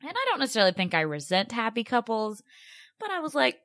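A woman's voice: on the high side, huge pitch swings, fast talker, a bit bright, dry recording. A young woman co-hosting a casual podcast, chatty and sarcastic, with lots of "like" and dry asides. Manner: chatty, sarcastic, says "like" a lot. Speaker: podcast co-host.

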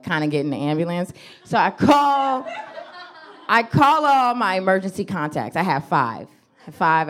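A woman comedian, telling a personal story on stage and acting out her own lines with laughs. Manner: animated, acts out her own quotes with big pitch jumps and laughs. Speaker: stand-up comedian. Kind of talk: live stand-up storytelling.

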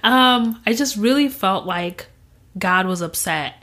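A young woman as an interview guest, telling a personal story in an animated way and acting out what others said. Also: mid-range voice, takes it slowly. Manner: animated, acts out quoted voices, laughs often.

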